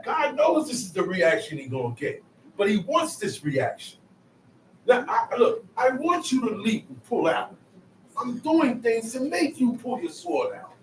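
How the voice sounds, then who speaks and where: A man leading a bible study, animated and colloquial, his voice pitched high and swinging widely. The room is echoey and he sits far from the microphone, with a faint hiss behind. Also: unhurried. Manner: animated, colloquial, checks in with "okay?". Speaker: bible teacher.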